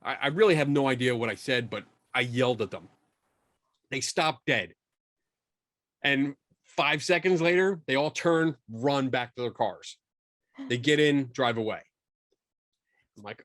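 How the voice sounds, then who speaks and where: A middle-aged man tells a story as a podcast guest, lively and quick to poke fun at himself. His voice sits at an everyday, mid-range pitch. The sound is dry and close, with no room around it. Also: dry recording. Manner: animated, self-mocking storyteller who acts out his own quotes. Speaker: guest, skeptical paranormal investigator. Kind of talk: casual storytelling in a podcast interview.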